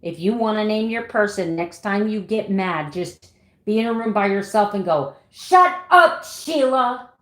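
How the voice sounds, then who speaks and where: A woman's voice: mid-range voice, moderate pace. A woman in her fifties chatting casually with livestream viewers, laughing often and reading out their names. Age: 50s. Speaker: keto vlogger. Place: home room. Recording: echoey room.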